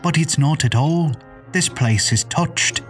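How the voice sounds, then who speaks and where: A man voicing a young maid who talks in a soft, hushed way, in a storybook reading. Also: a little high, slow, far from the mic, faint music behind, voice pushed up. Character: young woman, a guarded, weary maid.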